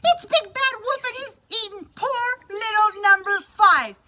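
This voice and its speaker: A woman voicing a fussy, worried mother duck in a storybook, shrill and frantic. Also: fast, sharp tone, a little hiss or hum. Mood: fretful.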